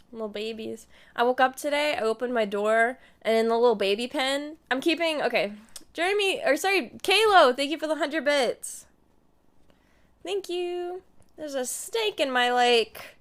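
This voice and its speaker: A woman's voice: a little high, moderate pace, clean tone. A young woman in her twenties chatting casually to her live stream audience, telling a story and acting out what she and her friends said.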